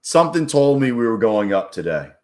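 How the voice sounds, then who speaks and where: A man live-streaming his day trading, chatting casually and excitably, with plenty of swearing and hype. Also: medium pitch, fairly quick. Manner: excitable, profane, hypes up his wins; rambling and casual.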